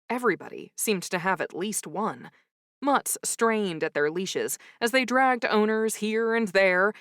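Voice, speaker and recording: A woman narrating a cozy audiobook in first person with a wry, expressive storytelling manner. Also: medium pitch, dry recording. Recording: dry close studio sound.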